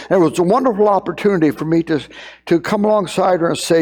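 A man's voice: fairly high pitch, fairly quick, darkish tone, long reverb tail. A middle-aged man preaching a sermon, earnest and emphatic, repeating key phrases as he builds his point. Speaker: pastor.

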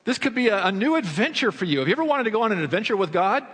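A man preaching a sermon to his congregation, asking them questions and answering them himself, swinging between fervent high passages and low quiet ones. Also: big pitch swings, very fast, husky. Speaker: pastor. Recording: long hall reverb.

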